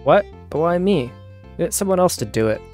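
A man voicing a sulky, sharp-tongued young woman in a video game, snippy and exasperated. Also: fairly high pitch, animated, moderate pace, soft background music, pitched above the performer's own voice, natural voice.

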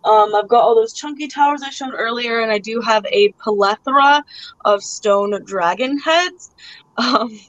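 A woman's voice: on the high side, unhurried, fairly bright tone, lo-fi sound. A woman hosting a casual live-stream auction, chatting loosely with lots of filler words as she shows items.

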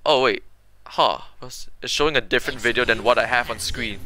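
A man's voice: mid-range voice, a little fast. A young man streaming a frustrating game, chatting casually to viewers, rambling and groaning, with game music behind him. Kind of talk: casual gaming livestream chat.

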